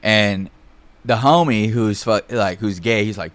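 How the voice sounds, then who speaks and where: A man's voice: fairly low pitch, a little fast, no room sound. A young man telling a casual, rambling story on a podcast, full of fillers and swearing. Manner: rambling, heavy fillers and profanity.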